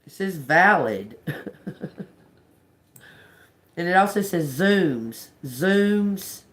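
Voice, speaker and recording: A woman doing a live-stream tarot reading, musing slowly and repeating words as she reads them out, casual and given to swearing and laughing with viewers. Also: on the low side, lively intonation. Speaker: tarot reader.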